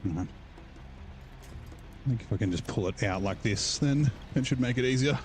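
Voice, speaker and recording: A man's voice: mid-range voice, normal speed, darkish tone, faint music behind, rough recording. A man giving casual, rambling gameplay commentary and swearing now and then. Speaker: gaming channel host.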